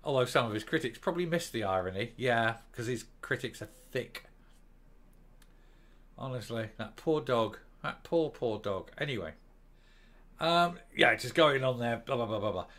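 A man's voice: mid-range voice, lively intonation, normal speed, long pauses, a bit bright. A man delivering a scornful, sarcastic commentary monologue as a vlog host. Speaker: commentary vlogger.

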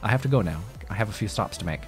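A man's voice: fairly low pitch, animated, rapid-fire, faint music behind, natural voice. A man putting on a fawning door-to-door power company rep. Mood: apologetic. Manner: fawning, apologetic salesman patter. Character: overly polite door-to-door electricity company man.

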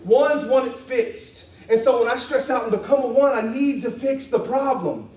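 A man teaching a church class in a casual, animated way, often acting out quoted voices and laughing. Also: high voice. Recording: echoey room, distant mic, faint hiss.

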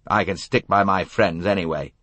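A man as a gruff, defiant young man. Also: deep voice, normal speed, a bit bright, dry recording. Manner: blunt and gruff.

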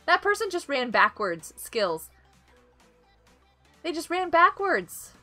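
A woman hosting a casual gameplay live stream, excitable and giggly as she reacts to the game and greets viewers by name. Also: high-pitched, slow, faint music behind.

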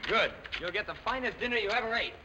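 An actor playing a charming young prince in a 1930s film, playful and lively, tender in the quiet scenes. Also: male voice, high voice, fast talker. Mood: cheerful. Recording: noisy old film soundtrack.

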